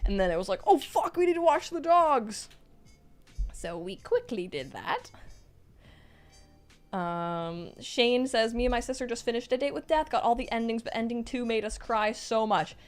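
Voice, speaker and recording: A young woman streaming live, reading out chat messages and reacting in a bubbly, excitable way. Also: fairly high pitch, moderate pace, faint music behind.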